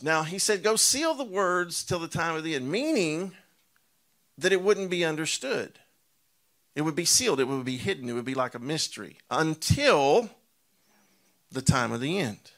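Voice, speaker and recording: A man preaching a sermon, drawing out key words slowly for emphasis and asking rhetorical questions, telling stories with animation. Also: fairly high pitch, lively intonation, fairly bright tone.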